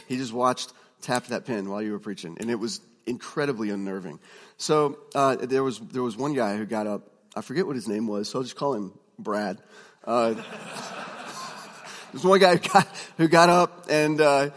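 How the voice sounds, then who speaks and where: A man teaches a room full of students in a conversational, story-driven way, stumbling over restarts and fillers. His voice sits at a middle pitch. It carries a long reverb from a large hall. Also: normal speed. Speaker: preaching instructor. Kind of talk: classroom teaching talk.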